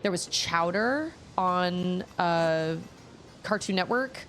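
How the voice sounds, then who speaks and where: A woman in her thirties chats casually while streaming a game, wandering from one thought to the next. Her voice sits on the low side but swoops up and down constantly. Faint noise hums in the background. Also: lively intonation, takes it slowly, fairly bright tone. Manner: rambling, digressive, chatty. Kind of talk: casual chat while gaming.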